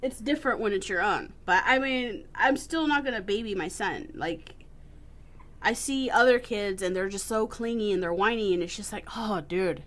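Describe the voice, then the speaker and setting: A woman's voice: medium pitch, moderate pace, fairly bright tone. A young woman co-hosting a podcast in casual chat, blunt and swearing freely, who likes to mimic whiny children. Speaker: podcast co-host.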